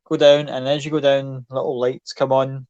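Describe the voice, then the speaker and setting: A man's voice: mid-range voice, little pitch movement, moderate pace, a little mellow, dry recording, muffled recording. Brief: male game master, casual rambling scene narration, dry close recording. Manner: loose, rambling description with fillers and swearing.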